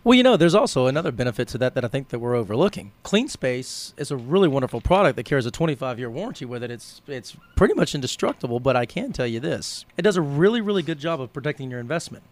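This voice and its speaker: A man's voice: medium pitch, sing-song, fast, few pauses. A man co-hosting a home-improvement talk show, speaking in a persuasive, sales-like way. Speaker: co-host. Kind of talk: casual radio chat.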